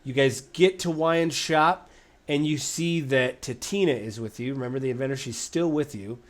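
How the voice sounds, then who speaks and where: A man's voice: medium pitch, normal speed. A man narrating as game master of a tabletop game, casual and rambling, with many fillers.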